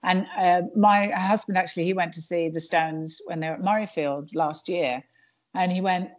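A woman's voice: lowish voice, fairly even intonation, moderate pace. A woman stand-up comedian chatting in an interview, digressive and full of restarts. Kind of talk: casual interview chat.

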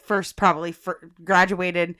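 A woman's voice: on the low side, a little slow. Chatty woman podcast host telling a story. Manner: chatty, animated storyteller who laughs often and addresses listeners as guys. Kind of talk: casual chat, telling a personal story.

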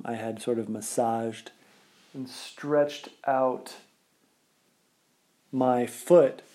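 Young adult man, easygoing storyteller, mellow middle-pitched voice, rambling chatty delivery. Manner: rambling, laid-back, heavy use of filler words. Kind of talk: casual personal storytelling.

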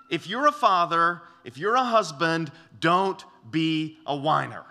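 Animated, bright-voiced male preacher. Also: fairly high pitch, normal speed, few pauses. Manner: earnest, emphatic preaching with many restarts and voiced quotes. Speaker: pastor. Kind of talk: sermon.

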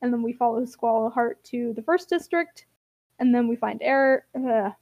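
A young woman with a high voice gives a chatty comic recap of a game's plot, wry and quick to laugh. The recording is close and dry, with no room sound. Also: darkish tone, no echo.

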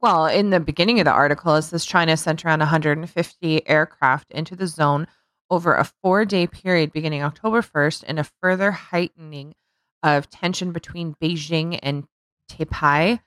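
A woman's voice: low voice, moderate pace, fairly bright tone, no room sound, studio quality. A woman co-hosting a casual podcast, reacting to the news and laughing often. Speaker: podcast co-host.

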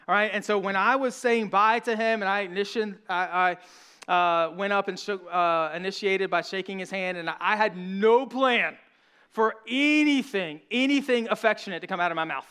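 A man's voice: high voice, sharp tone, smooth. A man in his thirties, a pastor, preaching a sermon in an earnest, conversational way with frequent restarts.

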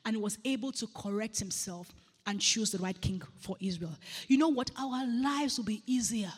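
Woman preacher, earnest sermon delivery, slightly breathy voice. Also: a little high, moderate pace, long reverb tail. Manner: earnest, repeats phrases for emphasis. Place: church.

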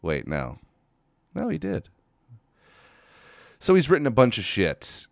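A man's voice: lowish voice, wildly swooping pitch, takes it slowly, gravelly, dry recording, clean studio sound. Exasperated man ranting on a podcast. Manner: exasperated, swearing, rambling. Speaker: podcast host. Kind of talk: casual solo podcast rant. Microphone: studio microphone.

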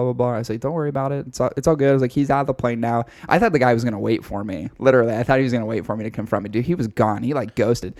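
Casual podcast co-host, a man with a lowish voice and a dry, close sound, swearing freely as he tells his story. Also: quick pace, no room sound. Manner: profane, animated storytelling. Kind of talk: casual chat.

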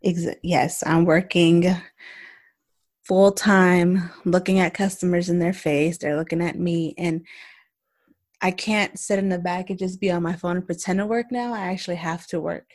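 A woman co-hosting a casual podcast, candid and blunt, telling animated stories from her workday. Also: fairly low pitch, normal speed. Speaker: podcast co-host.

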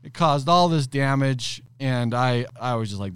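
A middle-aged man who owns a landscaping company, telling an animated, rambling anecdote in a casual podcast interview. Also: mid-range voice, unhurried, clear, resonant tone, no room sound.

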